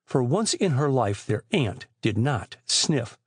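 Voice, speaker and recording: A man narrating a classic boys' adventure audiobook in a measured, expressive storytelling voice. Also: medium pitch, breathy edge, dry recording, clean studio sound. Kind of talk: scripted narration.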